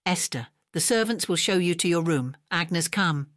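Woman playing a haughty middle-aged aristocratic mother, flat monotone drawl, low voice, audiobook. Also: normal speed, no echo, studio quality. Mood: dismissive.

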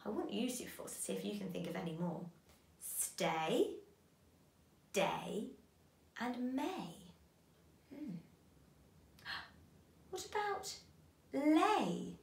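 A woman teaching a phonics lesson to young children, speaking in a slow, sing-song, encouraging way. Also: mid-range voice, big pitch swings, creaky. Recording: roomy echo.

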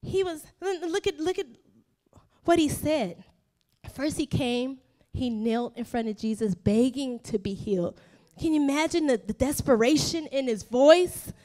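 A woman pastor preaching a sermon, animated and humorous, repeating phrases for emphasis and acting out voices of people in the story. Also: high voice, measured pace.

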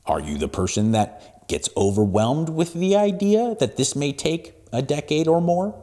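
Solo podcast host, male, forties; warm, low-brightness voice, energetic delivery that drops quiet then punches up. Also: normal speed, hardly any pauses. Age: 40s. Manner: emphatic, profane, swings between hushed and loud. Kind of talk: solo motivational podcast talk.

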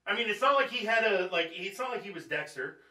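A man's voice: high voice, expressive, fast, sharp tone. A man preaching at a Bible study in a conversational, joking way, asking his audience questions as he goes. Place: church. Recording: echoey room, distant mic.

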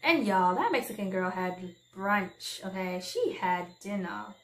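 A woman's voice: mid-range voice, a little slow. A woman telling a candid, chatty storytime vlog, breaking into exclamations as she recounts events. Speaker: vlogger. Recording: roomy echo.

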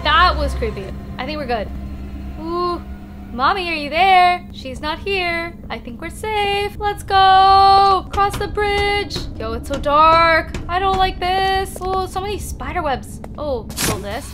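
Young woman gamer, very high and unhurried, jumpy and panicky play-by-play over game music. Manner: jumpy, excitable, panicky reactions. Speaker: gaming channel host. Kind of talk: horror game let's play commentary.

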